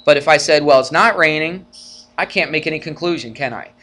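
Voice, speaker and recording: This math teacher's voice is a little high and fairly quick. Lecturing a college algebra class in an easygoing way, he checks in through rhetorical questions and acts out arguments with growing, animated energy.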